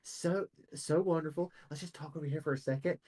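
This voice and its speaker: A man voicing a chummy, peacemaking male donkey who scolds gently. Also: fairly high pitch, steady tone, fairly quick, natural voice. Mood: placating.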